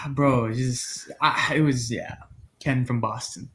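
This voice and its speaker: A man in his twenties, co-hosting a podcast, telling a story in animated casual chat and acting out the people in it. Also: medium pitch, takes it slowly, reverberant. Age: 20s. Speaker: podcast co-host.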